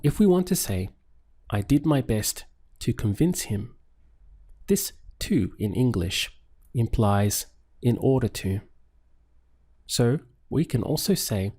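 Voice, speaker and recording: A man teaching a language lesson, patiently repeating phrases and pausing for the listener to answer. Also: medium pitch, very animated, mellow, breathy edge. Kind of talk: paced language lesson with pauses for practice.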